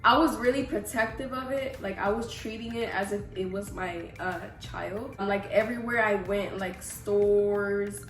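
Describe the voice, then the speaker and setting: A young woman hosts a casual vlog Q&A, telling stories in a chatty, rambling way. Her voice sits at a middle pitch. It rings off the walls of an echoey room, with faint music in the background. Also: measured pace, few pauses. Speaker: YouTuber. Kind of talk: casual vlog Q&A and story time.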